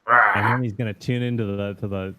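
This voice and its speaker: A man's voice: on the low side, steady tone, brisk, crowd noise. A man chatting casually as a guest, laughing as he talks. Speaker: guest artist. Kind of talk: casual chat.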